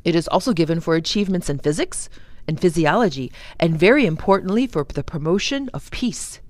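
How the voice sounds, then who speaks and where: A woman reading aloud, voicing a kindly, calm and learned middle-aged father who explains things in a measured way. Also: on the low side, no echo, lightly acted. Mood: patient.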